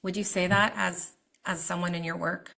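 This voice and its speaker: A woman's voice: lowish voice, level tone, moderate pace, vocal fry, bright, forceful tone. A woman hosting a podcast, talking in a reflective, searching way and growing emotional as she takes ideas in. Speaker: podcast host. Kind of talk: podcast conversation.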